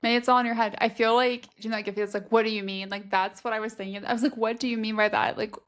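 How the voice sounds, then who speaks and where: A woman's voice: on the high side, flat delivery, quick pace. A woman co-hosting a book podcast, chatting casually and wryly quoting her own reactions to the story. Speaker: podcast co-host.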